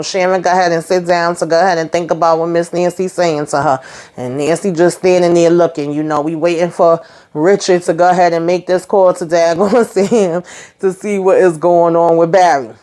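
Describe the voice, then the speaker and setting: A woman's voice: lowish voice, fairly even intonation, normal speed, warm tone. Chatty woman recapping a TV episode. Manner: chatty, rambling, many asides of "you know". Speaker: host.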